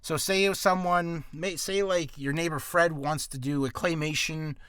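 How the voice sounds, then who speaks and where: A man's voice: fairly high pitch, fairly even intonation, moderate pace, a bit bright, clean tone, no echo. A man teaching voice acting in a casual tutorial, rambling with asides and poking fun at himself. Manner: rambling and self-deprecating, full of asides.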